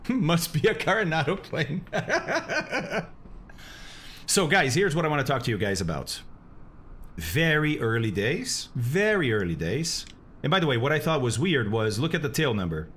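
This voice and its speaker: A man's voice: mid-range voice, fairly bright tone, slight background noise. A man streaming a flight simulator, chatting casually with viewers, reading chat aloud and laughing often.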